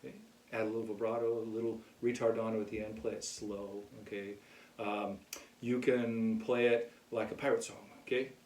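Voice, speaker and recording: A man teaching a casual music lesson in a relaxed way, often checking in with "okay?". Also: fairly low pitch, moderate pace. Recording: echoey room, mic far off.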